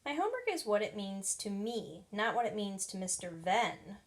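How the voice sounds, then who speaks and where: A woman's voice: mid-range voice, big pitch swings, moderate pace, a little hiss or hum, lightly acted. A woman reading aloud and voicing an earnest, stubborn little boy.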